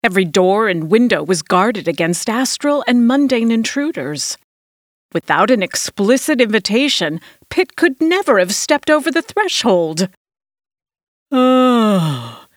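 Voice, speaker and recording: A woman narrates a first-person tale in an audiobook reading. Her delivery is dramatic and expressive, with a voice that rises and falls freely. The recording is dry and close, with no room sound. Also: mid-range voice, no room sound.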